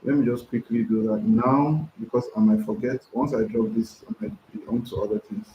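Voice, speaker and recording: A man hosts a casual live stream, reading viewers' comments aloud and answering them, often repeating himself. His medium-pitched voice is a little fast and chatty. The recording sounds roomy and dull, lo-fi with faint noise.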